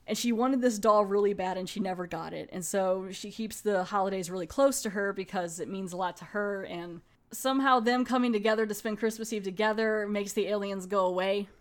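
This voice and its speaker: A woman's voice: mid-range voice, a little fast. A woman casually reviewing a horror anthology film, retelling scenes in a chatty way with quoted lines. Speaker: movie reviewer.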